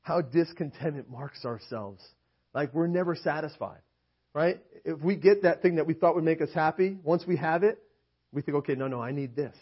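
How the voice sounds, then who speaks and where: A man's voice: a little high, moderate pace, breathy edge. A young to middle-aged man preaching a sermon in an emphatic way, often checking in with the congregation and reading scripture aloud. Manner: rhetorical, keeps asking "right?". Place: church meeting hall. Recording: dull lo-fi recording.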